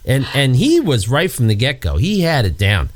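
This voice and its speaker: A man's voice: wildly swooping pitch, normal speed. A man co-hosting a casual chat, rambling through stories, swearing freely and acting out scenes. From New York area. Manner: rambling storyteller, swears, acts out scenes in high put-on voices. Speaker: podcast co-host.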